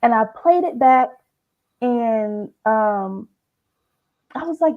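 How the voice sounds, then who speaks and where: A woman's voice: on the high side, takes it slowly, pauses often, phone-quality sound. A woman copywriter, telling stories animatedly as a guest in a casual chat. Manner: animated storytelling.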